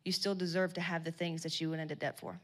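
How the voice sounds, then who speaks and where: A low-pitched woman talks fast in a level tone, delivering a blunt, profane motivational talk to a live audience at a women's business event. Slangy and loud in bursts, her swearing rings through long hall reverb.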